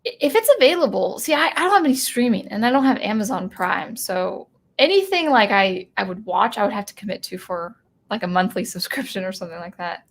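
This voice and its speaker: A woman's voice: mid-range voice, expressive, a little fast, gravelly. A woman hosting a live stream about music, talking casually and rambling with many restarts while reading out viewer comments. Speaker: music channel host.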